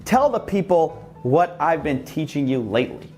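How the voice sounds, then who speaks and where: A YouTuber giving a sarcastic, mock-humble parody monologue as a boastful online guru. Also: male voice, a little high, big pitch swings, moderate pace, a little mellow, soft background music.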